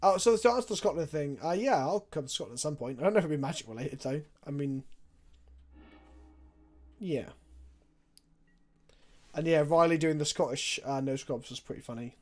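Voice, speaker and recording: A man's voice: a little high, lively intonation, moderate pace, long pauses, darkish tone. Chatty man streaming a card game. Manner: chatty, answers viewer questions while planning plays. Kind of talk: casual live-stream chat with commentary.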